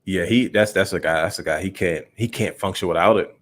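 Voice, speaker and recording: A young man with a fairly low voice talks fairly quickly as he co-hosts a casual podcast chat. He rambles through long stories in a relaxed way and calls his co-host bro.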